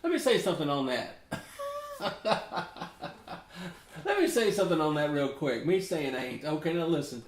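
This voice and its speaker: A man's voice: fairly high pitch, very animated, a little slow, long pauses. Folksy Southern US man, roomy sound. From Memphis, Tennessee. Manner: rambling, folksy, chuckles often. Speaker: ukulele teacher. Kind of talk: casual chatty tutorial. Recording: roomy echo.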